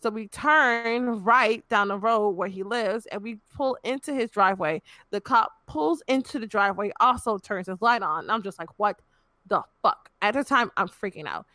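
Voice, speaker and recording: A woman's voice: mid-range voice, normal speed, hardly any pauses, pushed and bright, dry recording. A young woman in her twenties frankly telling a personal story in casual chat, swearing and filling with "you know".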